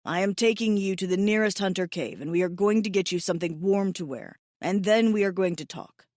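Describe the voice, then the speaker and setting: A woman's voice: medium pitch, brisk, a little mellow, no room sound, close to an everyday voice. A big blue alien warrior, stern and protective, as a woman narrator puts him on. He speaks in clipped, formal sentences with no contractions, in a slightly altered timbre of the audiobook voice. The recording is dry and close. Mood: stern concern. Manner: terse, formal speech without contractions.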